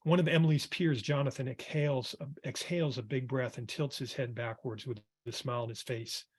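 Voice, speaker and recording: A man, a music therapist, reading a passage from his book aloud in a calm, reflective way, then turning to a panel. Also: mid-range voice, a little fast, breathy edge. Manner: calm, reflective, with some hesitant fillers.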